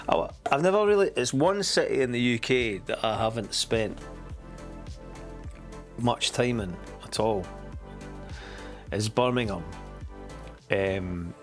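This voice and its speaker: A man's voice: mid-range voice, animated, unhurried, long pauses, soft background music. A Scottish man hosting a casual livestream, rambling and swearing freely, with chuckles along the way. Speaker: streamer host.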